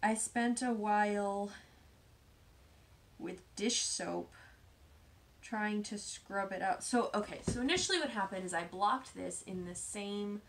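A woman's voice: medium pitch, a little slow. Chatty woman hosting a knitting show. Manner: chatty, self-deprecating, drops to soft asides. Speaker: knitting podcast host. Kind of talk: casual show-and-tell chat.

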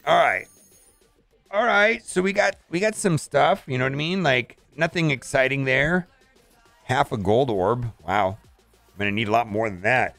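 A man's voice: medium pitch, moderate pace, vocal fry, a bit bright, dry recording, faint music behind. A man casually commenting on his mobile game as he plays, thinking aloud and restarting his sentences often.

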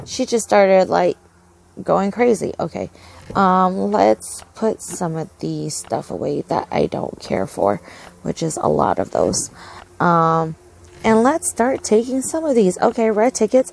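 A young woman narrating her own gameplay in a casual, excitable, easily distracted way, full of fillers and sudden outbursts. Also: on the low side, unhurried, creaky, no room sound. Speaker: gaming channel host. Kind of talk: casual game commentary.

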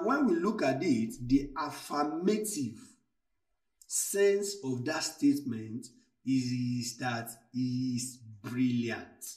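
A man teaching a literature lesson, who speaks slowly and repeats key phrases and examples. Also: medium pitch, darkish tone, far from the mic. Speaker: literature tutor. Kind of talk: recorded lesson. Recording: echoey room, voice from afar.

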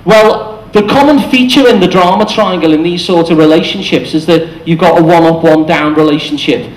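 High-voiced man giving a talk. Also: fairly quick. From England. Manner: chatty and explanatory, acts out quoted voices. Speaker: speaker. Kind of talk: short public talk. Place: cafe venue with audience. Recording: echoey room.

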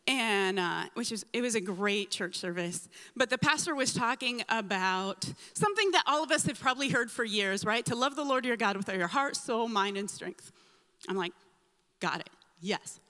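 Bright, high-voiced woman giving church testimony. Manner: animated storyteller, acts out her own reactions and quotes. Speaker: church member sharing a testimony. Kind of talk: mission trip testimony to a congregation. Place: church sanctuary. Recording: long hall reverb in a church.

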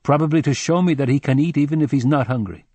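A man's voice: on the high side, fast, a little mellow, husky, no echo, voice pushed up. A man reading an audiobook, voicing a weary, brusque male resistance leader who answers questions evasively.

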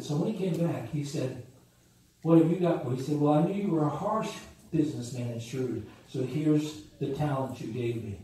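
Slightly high and mellow, the man speaks at a normal speed while preaching as a pastor. His sermon moves through stories, the emphasis climbing and dropping. The mic is far off in an echoing room, picking up faint ambience.

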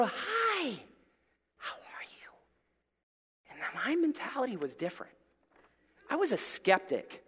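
Southern male pastor, sermon storytelling, very lively pitch, hushed to booming, reverberant church sanctuary. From Alabama. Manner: animated, swings from hushed to loud, acts out voices.

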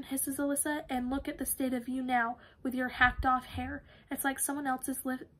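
A woman reading a young adult novel chapter aloud on her channel, with a steady, even delivery. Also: sits high, normal speed. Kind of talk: read-aloud narration of a novel.

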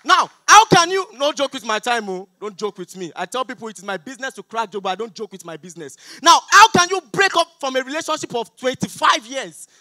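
A young Nigerian man with a Nigerian accent doing a stand-up comedy set on an auditorium stage, loud, pleading and mock-outraged with the crowd. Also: extremely high pitch, big pitch swings, quick pace, few pauses, no echo. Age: young adult.

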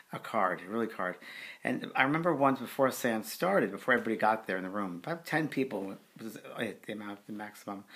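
A middle-aged man, a spiritual medium, recounting a memory in a relaxed conversational way with frequent fillers. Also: medium pitch. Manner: conversational, with fillers, acting out quoted voices. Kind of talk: video testimonial storytelling.

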